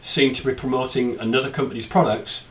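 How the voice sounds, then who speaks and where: A man's voice: mid-range voice, steady tone, brisk, slight background noise. A man hosting a podcast, chatting casually and cracking self-mocking jokes. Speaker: podcast host.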